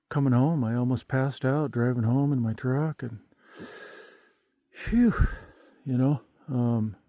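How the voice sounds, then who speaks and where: A man's voice: mid-range voice, warm tone, no echo, clean studio sound. A man in his fifties rambling folksily with lots of fillers, vlogging outdoors at night in the countryside. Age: 50s.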